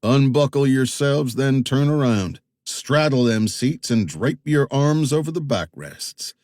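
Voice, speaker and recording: A man voicing a menacing backwoods boatman with a shotgun in an audiobook, with slow rural threats. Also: mid-range voice, animated, a little mellow, no echo, studio quality, voice pushed up, close to an everyday voice.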